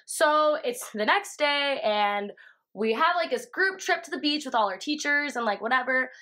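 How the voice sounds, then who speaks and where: Young woman ranting a storytime, kinda high voice, swears a lot, super chatty. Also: animated, normal speed, pushed and bright. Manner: chatty, profane, heavy on fillers, quotes herself animatedly. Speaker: vlogger. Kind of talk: casual storytime.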